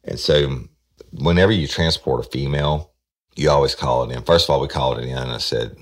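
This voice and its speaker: A man's voice: rumbling low, fairly quick. A man, a former detective telling his cases in a blunt, profane, plain-spoken way. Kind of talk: casual spoken storytelling.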